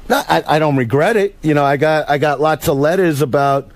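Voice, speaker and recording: A man's voice: on the high side, fairly quick, no echo. A man, a comedian guest, talking in a casual studio chat, emotional and rambling with frequent restarts. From United States.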